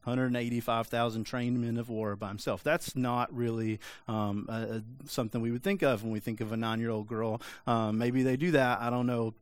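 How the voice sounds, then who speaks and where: A man's voice: medium pitch, steady tone, normal speed, hardly any pauses. A male pastor giving a sermon in a casual, joking, conversational way.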